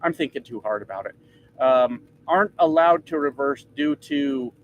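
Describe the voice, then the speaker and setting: Profane joking truck driver on a livestream. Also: male voice, fairly high pitch, animated, normal speed, phone-quality sound, a little hiss or hum. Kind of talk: casual live chat reading comments. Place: truck cab.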